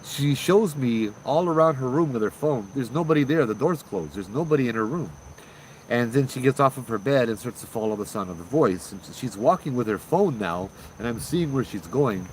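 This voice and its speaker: A man, hosting and telling a ghost story in a loose, conversational way, with fillers and sudden loud bursts. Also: mid-range voice, lively intonation, normal speed, a little hiss or hum, low-quality recording. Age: 30s. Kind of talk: casual spoken ghost story.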